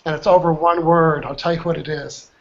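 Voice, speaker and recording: A man's voice: on the high side, flat delivery, fairly quick, creaky. A man leading an online coaching class, upbeat and chatty, often checking in with his students. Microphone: video call. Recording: muffled online call audio.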